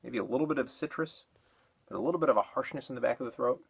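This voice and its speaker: A man talks through a beer review in a loose, rambling way, and he is slightly out of breath from exercise. He fills pauses with ums and uhs and corrects himself as he goes. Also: mid-range voice, creaky, breathy edge. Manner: rambling, with many fillers and self-corrections.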